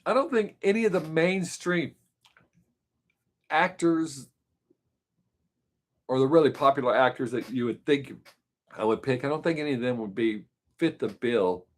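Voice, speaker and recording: A man's voice: medium pitch, animated, normal speed, pauses often. A man hosting a live stream, chatting casually through viewer questions and thinking aloud as he goes off on tangents. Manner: rambling, thinks aloud, trails off.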